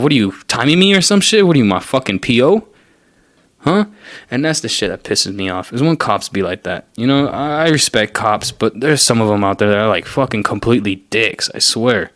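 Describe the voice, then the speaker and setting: A man's voice: on the low side, lively intonation, fairly quick, a bit bright, no room sound, clean studio sound. A young man hosting a podcast, telling a story in a casual, profane and exasperated rant. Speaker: podcast host. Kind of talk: casual ranting monologue.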